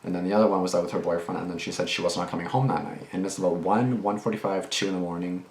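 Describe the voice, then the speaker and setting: Deep-voiced young man, rambling fast. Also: fairly even intonation. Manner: rambling, lots of fillers and restarts, swears freely. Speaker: reaction channel host. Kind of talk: casual reaction commentary and storytelling. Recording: echoey room with faint background noise.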